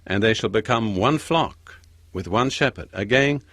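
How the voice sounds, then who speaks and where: Man preaching a measured, emphatic sermon. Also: lowish voice, animated, a bit bright, dry recording. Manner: measured, emphatic scripture reading.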